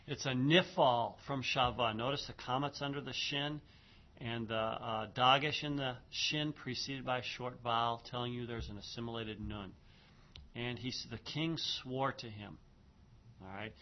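A man lecturing in a classroom, reading lines slowly and then explaining grammar point by point. He keeps asking "okay?" and says "notice" often, in a relaxed teacher's way. The recording sounds dull and lo-fi. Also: mid-range voice. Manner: reads Hebrew aloud slowly, then translates and explains grammar; frequent "okay", "um" and "notice", conversational. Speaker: Hebrew Bible teacher.

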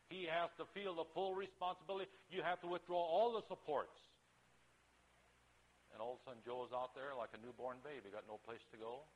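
Older man, a retired pastor, fairly high voice, folksy storyteller, old radio recording. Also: brisk, poor audio. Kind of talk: recorded talk on family intervention.

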